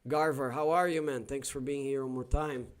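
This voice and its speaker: A man's voice: medium pitch, steady tone, normal speed. A Brazilian man with a Brazilian Portuguese accent, a Portuguese teacher hosting a casual live stream and thinking aloud with many fillers and restarts.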